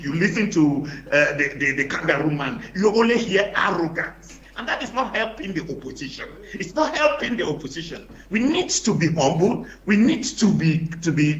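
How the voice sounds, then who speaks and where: Cameroonian male panelist, emphatic, stammers through fillers, slightly high voice, echoey faint-hiss line. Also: fairly bright tone, dull audio. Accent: Cameroonian English. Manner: emphatic, repeats words while searching, many fillers. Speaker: opposition party panelist. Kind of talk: studio panel debate.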